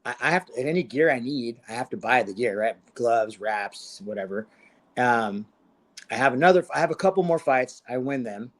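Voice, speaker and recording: Male guest, 40s, from Southern California, casual slangy storyteller, mid pitch. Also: animated, normal speed. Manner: laid-back slangy storyteller, laughs often, acts out quotes. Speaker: guest fighter.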